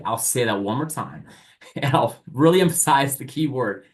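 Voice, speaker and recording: A man's voice: medium pitch, animated, moderate pace. A man teaching an online sales training, speaking energetically straight to his audience and often asking rhetorical questions. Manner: asks rhetorical questions and plays both sides.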